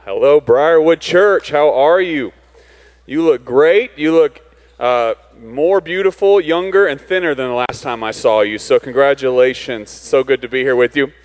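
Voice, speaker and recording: A man's voice: mid-range voice, moderate pace, poor audio. Man preaching a joking, easygoing sermon. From Arizona. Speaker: guest pastor. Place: church sanctuary.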